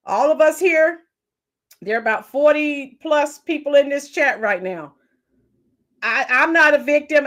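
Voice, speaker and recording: A woman hosting a live commentary stream gives her opinions and greets chat viewers by name. Her voice sits high and is fairly bright.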